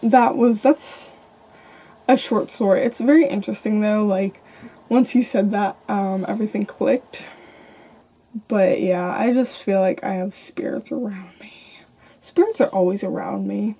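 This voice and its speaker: A woman's voice: mid-range voice, measured pace, gravelly, warm tone, breathy edge. A young woman vlogger casually telling her own ghost stories, chatty and rambling with lots of fillers. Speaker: paranormal vlogger. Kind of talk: casual storytelling to camera.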